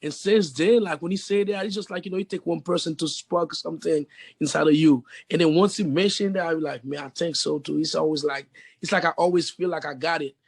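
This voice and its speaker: A young man with a deep voice and a foreign accent, a guest musician rambling casually with lots of fillers in an interview. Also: brisk, vocal fry, husky, no echo. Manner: rambling, relaxed, many fillers like "you know".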